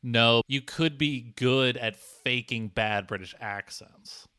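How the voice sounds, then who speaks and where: A man's voice: medium pitch, slow pace, pushed and bright, clean tone, no echo, studio quality. Teasing man, comedy podcast co-host. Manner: teasing, playfully exasperated. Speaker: podcast producer.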